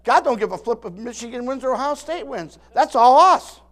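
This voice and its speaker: A man's voice: very high voice, lively intonation, fast talker. Emphatic preacher man in his sixties. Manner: emphatic preaching with call-and-response asides; repeats and restarts words often. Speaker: pastor. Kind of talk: sermon.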